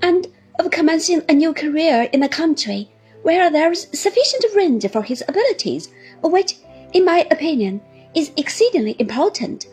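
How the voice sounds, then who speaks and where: A woman's voice: sits high, big pitch swings, moderate pace, a little mellow, faint music behind, voice pushed up. A woman voicing a genteel, earnest middle-aged wife who speaks in a lofty, emphatic, long-winded way.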